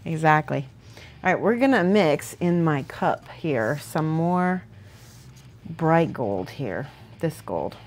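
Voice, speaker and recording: Her voice sits low, with lively intonation and a slow pace. Painting miniatures for her viewers, this woman is chatty and rambling, giggling frequently and speaking softly when she concentrates.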